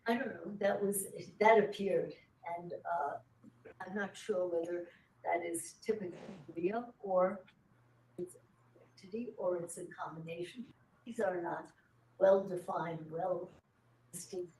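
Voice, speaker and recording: A woman testifying as a witness under cross-examination, speaking haltingly and often trailing off. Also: lowish voice, warm tone, slight background noise. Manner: halting, trails off mid-sentence. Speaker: defense witness. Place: courtroom. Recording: echoey courtroom audio from a distant mic.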